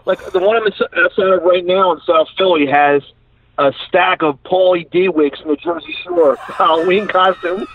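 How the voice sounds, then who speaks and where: This man sounds high-voiced, with lively intonation and a normal speed. A comedian guest with a Philadelphia accent, he's on a phone call from his parked truck, casually chatting and laughing through rambling tales, and the line comes across tinny and dry.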